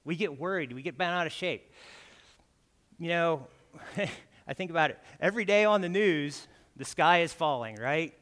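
A man's voice: fairly high pitch, animated, moderate pace, a bit bright. Conversational preacher man in echoing church. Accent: American. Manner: conversational, keeps asking "right?". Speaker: guest preacher. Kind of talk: sermon. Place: church sanctuary. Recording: long hall reverb.

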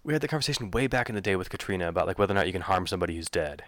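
A man's voice: sits low, expressive, rapid-fire, a bit bright, dry recording. A man co-hosting a podcast in casual discussion, thinking aloud in rambling, restarting sentences and reaching for analogies. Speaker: podcast co-host.

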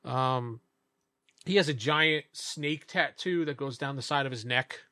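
Game master guy, bright tone, dry close mic, rambly. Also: mid-range voice, measured pace, no room sound. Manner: casual, filler-heavy description. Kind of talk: narrating a tabletop game.

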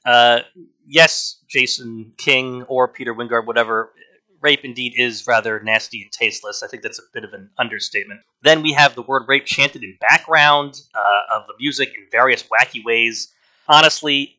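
A man's voice: medium pitch, pushed and bright. A man talking casually through an album review, frank and wry. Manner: conversational, frank, wry asides.

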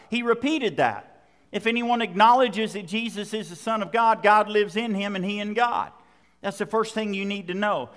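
A man's voice: sits high, a bit bright, long reverb tail. A man preaching a sermon, reading scripture aloud and then driving his points home with emphatic repetition. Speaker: pastor.

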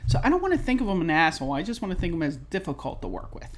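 A woman's voice: lowish voice, rapid-fire. A woman co-hosting a podcast, chatting casually and acting out her reactions as she tells a story. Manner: animated storytelling, acts out reactions. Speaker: podcast co-host. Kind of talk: casual chat.

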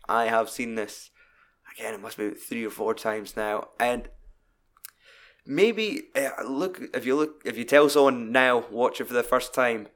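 A Scottish man hosting a podcast, chatting casually about a film with lots of swearing and animated retelling. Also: mid-range voice. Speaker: podcast host. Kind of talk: casual film review chat.

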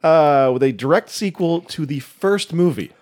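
Brief: male podcast co-host, playful banter, news read-outs, lively voice. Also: a little high, normal speed. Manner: joking banter, reads news items with fillers. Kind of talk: casual chat.

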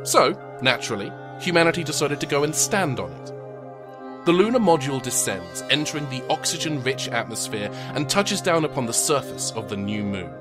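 A man running a tabletop game as game master, reading scripted narration with dry comic timing, then hesitating with fillers as he ad-libs. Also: medium pitch. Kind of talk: scripted narration and casual chat. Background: music.

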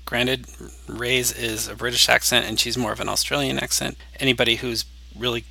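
Rambling American man with a gravelly voice. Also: medium pitch, level tone, fairly quick, bright, forceful tone, rough recording. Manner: rambling, eager fan theorizing. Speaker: podcast co-host. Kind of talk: casual chat.

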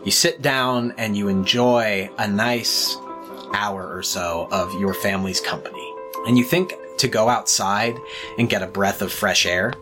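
A woman narrating as game master in a tabletop game, in a relaxed, drawn-out way. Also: a bass voice. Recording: faint music behind.

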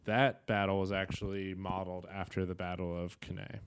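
A man in his thirties co-hosting a casual podcast, laughing often in a relaxed, nerdy way. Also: deep voice, a little fast, noisy background. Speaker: podcast co-host. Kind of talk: casual chat.

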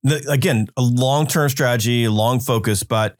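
A man's voice: mid-range voice, normal speed. A man hosting a sales podcast, talking through strategy in an emphatic, summarizing coaching style. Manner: emphatic, summarizing, quotes imagined speakers. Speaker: podcast host. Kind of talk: coaching-style interview talk.

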